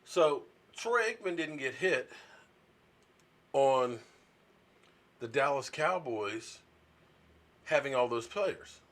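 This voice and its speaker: A man's voice: mid-range voice, expressive, slow pace, long pauses, a bit bright. A man hosting a casual sports talk video, ranting indignantly and rambling with restarts.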